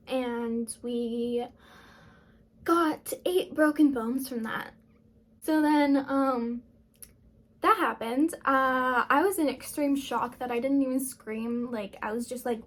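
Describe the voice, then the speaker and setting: A young woman vlogger telling a personal story in a casual, rambling way, full of fillers. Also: high-pitched.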